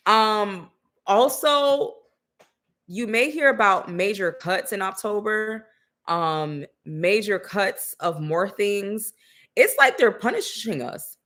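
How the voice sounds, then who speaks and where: Brief: woman podcast co-host, blunt and sassy, casual commentary chat, middle pitch. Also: expressive, slow, fairly bright tone. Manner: blunt, sassy, slangy, profane.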